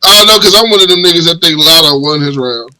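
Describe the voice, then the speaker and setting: A man's voice: a little high, expressive, fast, bright, forceful tone, rough recording. A man co-hosting a podcast, talking in laid-back slang and laughing along. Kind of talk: casual chat.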